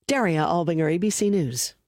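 A woman anchoring a network radio newscast with a crisp, measured newsreader delivery. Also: on the low side, darkish tone, no echo, studio quality. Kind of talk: newscast reading.

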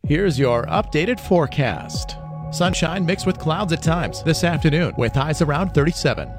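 A male meteorologist giving a scripted radio weather forecast in a measured read. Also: fairly high pitch, animated, over music.

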